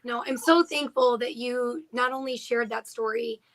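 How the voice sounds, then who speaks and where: Woman, 30s, encouraging teacher, high pitch, bright tone. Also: steady tone, moderate pace, poor audio. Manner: upbeat, encouraging. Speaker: teacher and technology integration specialist. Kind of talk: casual panel chat.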